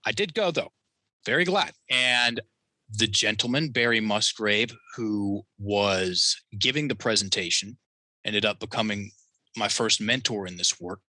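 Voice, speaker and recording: A man telling a personal story as a podcast guest, animated and acting out the quotes in his story. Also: lowish voice, unhurried, no room sound. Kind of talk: storytelling in a conversational interview.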